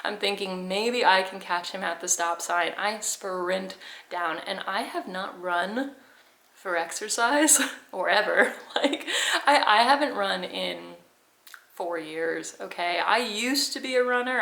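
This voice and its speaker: Young woman vlogger, rambling and chatty, gravelly edge, recorded in an echoey room. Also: lowish voice, a bit bright. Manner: chatty, rambling, laughs often. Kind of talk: casual storytelling to camera.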